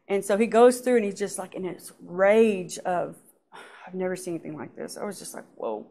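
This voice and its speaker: A woman with a somewhat low voice shares her personal church testimony. She speaks haltingly and softly, and her sentences often trail off. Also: expressive, vocal fry. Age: adult.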